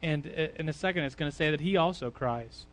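A male preacher giving an informal, chatty sermon with a slightly high voice. He drifts into quiet asides and then rises into loud emphasis, and fillers scatter through his talk. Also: brisk. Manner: chatty, conversational, with frequent fillers.

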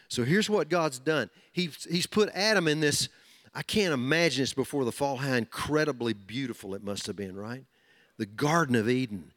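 A man's voice: mid-range voice, a bit bright. A man preaching a sermon, emphatic and repeating key phrases as he builds intensity.

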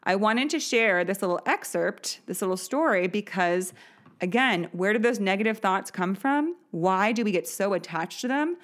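Her mid-range voice is expressive and fairly bright, delivered at a moderate pace. The thirty-something woman hosting this podcast recounts something personal with candor, frequent laughter, and plenty of fillers.

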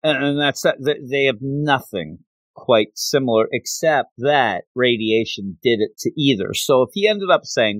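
A man casually retelling a comic book story in a chatty, animated way, acting out the scenes as he goes. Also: medium pitch, measured pace, dry recording.

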